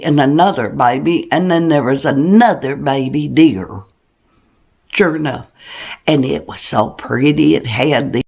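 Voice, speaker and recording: A flirty, giggly country gal with a thick drawl, as a woman puts her on for a comedic monologue. She talks slowly and lazily. Her pitch leaps high and dives low from one phrase to the next. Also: creaky, darkish tone, husky, exaggerated voice. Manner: slow drawl with wildly swooping pitch. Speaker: channel host in a character.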